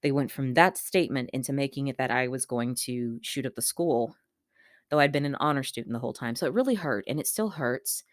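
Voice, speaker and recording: Vlogger, woman, low pitch, earnest and halting, dry close recording. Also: animated, no echo. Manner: earnest, gentle, halting with fillers and repeats. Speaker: vlogger sharing a coping tip. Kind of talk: candid personal talk to camera.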